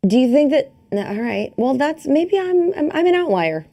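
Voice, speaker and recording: A woman's voice: high-pitched, very animated, moderate pace, warm tone. A woman co-hosting a podcast in casual, playful chat, laughing often. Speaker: podcast co-host.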